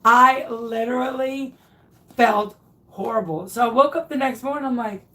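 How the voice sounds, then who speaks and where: A woman's voice: on the high side, normal speed, pushed and bright. A woman in her thirties hosting a craft video, casually telling viewers a funny personal story with lots of laughter and restarts. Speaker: craft tutorial host.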